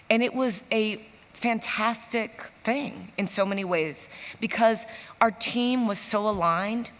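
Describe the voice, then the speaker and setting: A woman in her forties from Chicago, telling stories as a guest in a stage interview, animated and acting out the voices of people she quotes. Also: mid-range voice. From Chicago, USA. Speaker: interview guest, business executive. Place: large conference hall on stage. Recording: reverberant conference hall.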